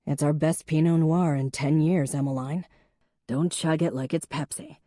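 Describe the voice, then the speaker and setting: A woman's voice: low-pitched, fairly even intonation, normal speed, dark tone, no echo. A woman reading a dry, teasing young man. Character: teasing young adult man, a wine lover.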